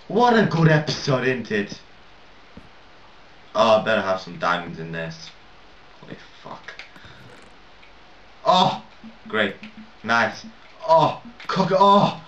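His voice is medium-pitched, sing-song, and a bit bright, coming slowly with long pauses as this young man rambles and swears through casual gameplay commentary, laughing at his mistakes. English is not his first language. The lo-fi home mic is distant and roomy, adding a little hiss or hum.

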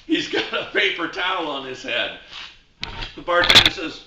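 A man's voice: a little high, lively intonation, moderate pace, bright, forceful tone, a little hiss or hum. An older man chatting casually as a shop host, telling a rambling, joking story and correcting himself along the way. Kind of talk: casual promo chat and storytelling. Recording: roomy echo, mic at a distance.

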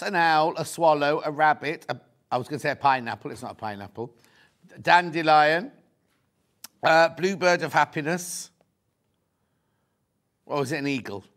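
A man's voice: a little high, a bit bright. A man presenting fabrics on a live shopping show, chatty and effusive, thinking aloud as he goes. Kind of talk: live product demonstration.

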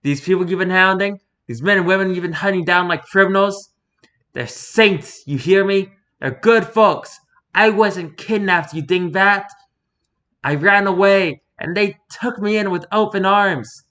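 A man's voice: high voice, a little slow, pushed and bright. A man voicing a mocking, talkative male circus performer who rambles theatrically, read from an interview. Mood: defiant. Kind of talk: reading an interview aloud in character.

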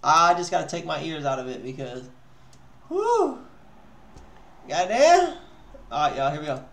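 A man hosting a live music review stream in casual chat. He talks in loose slang with a slight stutter, swinging from low mumbled asides to loud exclamations. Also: fairly even intonation, fast talker, gravelly. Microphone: headphones on while streaming.

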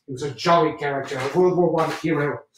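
A zealous, excitable British WWII general , played by a man in a one-man stage show, who hammers his points home by repeating them. His voice sits fairly high, and the theatrical monologue comes from a distant mic in a roomy space. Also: fast, a little hiss or hum, natural voice.

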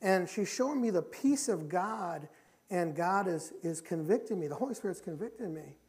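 A middle-aged man preaching a sermon in a church. He talks emphatically, repeats his key phrases, and moves between loud and quiet passages. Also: high voice, expressive, normal speed. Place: church sanctuary.

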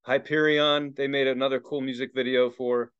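A middle-aged man co-hosting a podcast in casual chat, excitable and rambling, swearing often and restarting his sentences. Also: medium pitch, normal speed, smooth. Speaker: podcast co-host. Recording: dull lo-fi sound.

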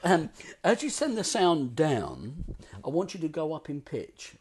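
A man giving a playful voice lesson as a voice coach, swooping between low talk and high vocal demonstrations. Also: sing-song, unhurried, slightly rough.

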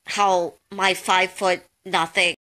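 A woman's voice: lowish voice, flat delivery, takes it slowly, pushed and bright. A young woman giving casual advice on a live call, chatty and jokey, full of "um" and "like". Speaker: host of a social media tips call.

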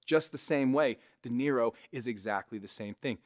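A man with a resonant voice, a comedian casually teaching impressions to camera, animated and conversational. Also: mid-range voice, moderate pace. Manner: animated, conversational, frequent "right?" asides. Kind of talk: casual instructional talk to camera.

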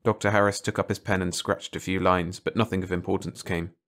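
Low-voiced man reading a story. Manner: measured, steady storytelling. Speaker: audiobook narrator. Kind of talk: scripted narration.

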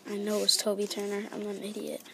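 A woman giving chatty, excitable let's-play commentary in a library, sometimes dropping to a whisper. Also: mid-range voice, quick pace, vocal fry, a little hiss or hum. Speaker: gaming video host. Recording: loud keyboard clatter in background. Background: keyboard typing and clicks.

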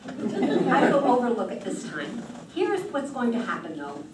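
A woman's voice: huge pitch swings, unhurried, a loud crowd, very noisy. A woman voicing a stern, commanding male thunder god in a told myth. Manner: booming, commanding. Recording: roomy distant hall mic.

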